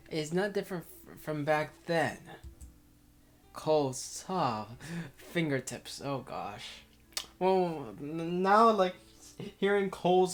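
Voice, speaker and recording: Man, let's play narration, visual novel read-aloud, rambling, self-interrupting. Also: fairly high pitch. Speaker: let's player.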